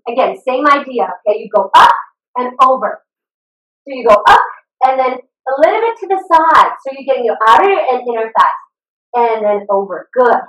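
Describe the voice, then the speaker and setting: A woman's voice: fairly high pitch, very animated, normal speed, fairly bright tone, far from the mic. A woman fitness instructor leading a live online workout, upbeat and encouraging, cheering her class on with whoops. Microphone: video call computer mic. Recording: echoey room, voice a bit off-mic.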